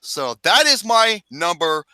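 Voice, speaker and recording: High-pitched man, bright tense voice, dry close mic, ranting and swearing. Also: slow, no room sound. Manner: profane, ranting, animated. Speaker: podcast host. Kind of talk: casual ranking chat.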